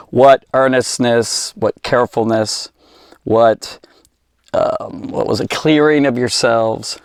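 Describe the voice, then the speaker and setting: A man giving an informal Bible teaching, animated and chatty, often repeating words as he restarts. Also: medium pitch, slow, clean tone, dry recording, clean studio sound.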